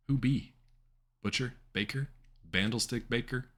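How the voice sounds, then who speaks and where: A man's voice: medium pitch, unhurried. A man streaming an adventure game live, chatting wryly and reading the game's text aloud. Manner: wry, chatty, animated asides.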